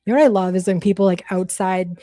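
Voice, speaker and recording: A woman's voice: medium pitch, fast, dark tone, no room sound. Blunt Boston woman streaming. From Massachusetts. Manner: blunt, profane, rambling with many restarts. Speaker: livestream host. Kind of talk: casual livestream chat.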